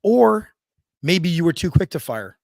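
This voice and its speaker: A man's voice: on the high side, very animated, measured pace, creaky, dry recording, studio quality. A man hosting a podcast, rambling and hunting for words as he builds up to a question. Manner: rambling, searching for words before asking. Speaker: podcast host. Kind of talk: casual interview talk.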